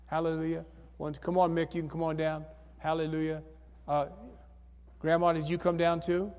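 At a church altar call, a male pastor coaxes people forward, asking the same questions and calling for raised hands again and again. His voice sits on the high side with a completely flat delivery, a moderate pace, and a darkish, clear, resonant tone. The sanctuary adds hall reverb to the recording.

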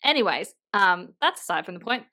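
A woman co-hosting a casual podcast over a video call, expressive and quick to swing between loud and soft. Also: medium pitch. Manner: expressive, quick swings in loudness, laughs easily. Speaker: podcast co-host. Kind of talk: casual chat.

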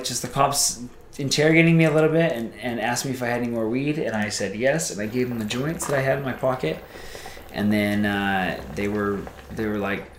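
A man telling a casual story as a podcast guest, rambling and animated, acting out the voices of people he quotes. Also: mid-range voice, echoey room, a little hiss or hum.

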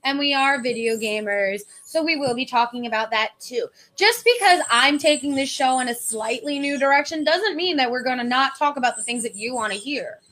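A high-pitched woman hosts a casual podcast chat. She is chatty and enthusiastic and laughs easily as she talks with her co-host. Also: fairly bright tone.

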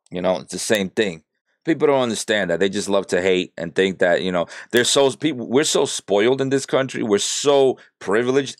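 A man's voice: deep voice, no room sound, clean studio sound. A man giving a blunt, exasperated reaction rant about politics, swearing freely as he talks. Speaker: political commentator reacting to a clip.

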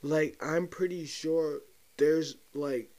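Speaking slowly in a fairly high, a little mellow voice with fairly even intonation, a young podcast host delivers a casual solo rant. He's loose and profane, addressing listeners directly as though letting them in on a secret.

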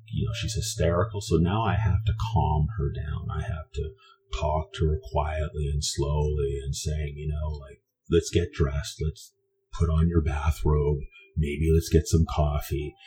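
Man from canada, extremely low voice, dark and mellow tone, rambling storytelling, faint noise behind. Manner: meandering, conversational, many restarts. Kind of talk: casual personal storytelling.

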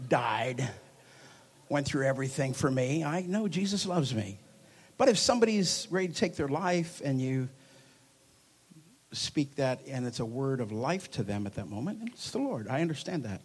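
A man preaching a charismatic sermon to a congregation, animated and joking, his loudness swinging from soft asides to loud bursts. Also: mid-range voice, normal speed, breathy edge. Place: church hall before a congregation.

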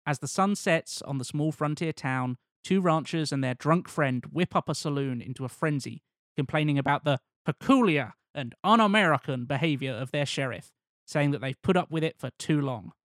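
A man's voice: fairly high pitch, expressive, normal speed, few pauses, dry recording, studio quality. A man co-hosting a casual podcast chat, presenting a cast list and reading a plot from notes in a laid-back way, swearing now and then. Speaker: podcast co-host presenting a film pitch.

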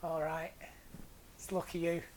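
A man's voice: a little high, completely flat delivery, a little slow, a little mellow, a little hiss or hum. A man hosting a podcast, chatting casually with teasing, joking banter. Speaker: podcast host. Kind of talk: casual chat.

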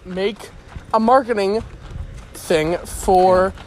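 A man's voice: sits high, takes it slowly, crowd noise. A young man co-hosting a casual chat while walking outdoors, joking, laughing often and tripping over his words. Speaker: podcast co-host. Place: walking outdoors on city streets.

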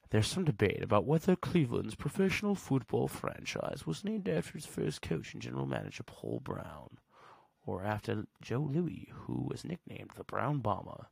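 A man's voice: on the low side, very animated, normal speed, gravelly, slightly rough, no room sound. A man hosting a solo podcast in a casual, slangy way, reading facts aloud and reacting with blunt verdicts. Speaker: podcast host.

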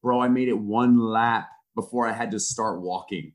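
A man in his thirties, a football coach on a podcast, telling stories in a profane, self-mocking, animated way. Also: fairly low pitch, normal speed. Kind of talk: casual storytelling chat.

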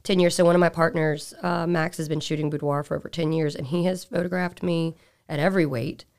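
Deep smooth-voiced woman, boudoir photographer, candid and laid back. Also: brisk. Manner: relaxed, candid, laughs easily. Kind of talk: casual interview chat.

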